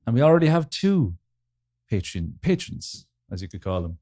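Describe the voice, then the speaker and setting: A man with a Wexford Irish accent co-hosting a podcast in relaxed, chatty talk. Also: mid-range voice, moderate pace. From Wexford, Ireland. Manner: relaxed, chatty, laughs often. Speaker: podcast co-host. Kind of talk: casual chat. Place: indoors, in a house.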